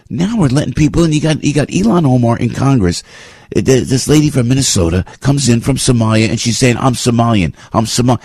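An older radio talk show host delivers a fired-up, rambling opinion monologue, swinging from low to loud. His voice is slightly rough, and there's no room sound.

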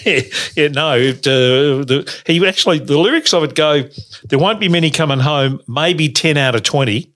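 A man's voice: fairly high pitch, normal speed, a bit bright. A man hosting a radio show, reading out an old chart and chatting in an easygoing way, often stumbling over his words. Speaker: radio host.

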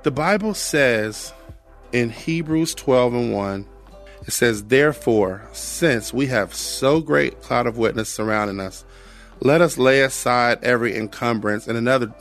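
A man's voice: mid-range voice, unhurried, fairly bright tone, soft background music. An earnest middle-aged American man sharing a personal testimony, reflective, often repeating phrases. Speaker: guest sharing his testimony.

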